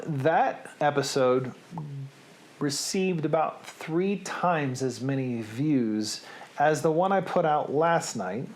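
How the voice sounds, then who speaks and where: A middle-aged man chatting casually to camera as host of a reading series, rambling and self-deprecating. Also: medium pitch.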